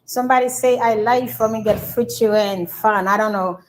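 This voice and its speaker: A woman's voice: fairly high pitch, fairly even intonation, normal speed, a little hiss or hum, rough recording. A woman with a Haitian Creole accent hosting a casual livestream, answering viewer comments in broken English mixed with Creole. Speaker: livestream host.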